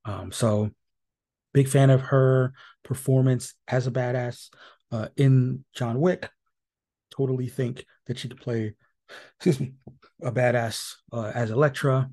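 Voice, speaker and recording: A man hosts a solo podcast recap, his voice dark and mellow. He talks loosely, with plenty of ums and restarts, and drops dry, wry remarks as he goes. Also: mid-range voice, steady tone, a little slow, pauses often. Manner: casual and rambling, many fillers and restarts. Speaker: podcast host.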